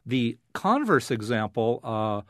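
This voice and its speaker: A man's voice: mid-range voice, sing-song, slow pace, fairly bright tone, no echo, clean studio sound. Man explaining science with many fillers. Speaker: neuroscience professor, guest. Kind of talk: radio interview, explaining.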